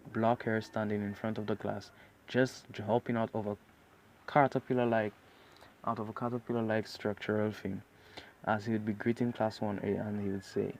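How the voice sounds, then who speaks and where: A man's voice: fairly low pitch, darkish tone. A man narrating an improvised fan story, rambling with many restarts.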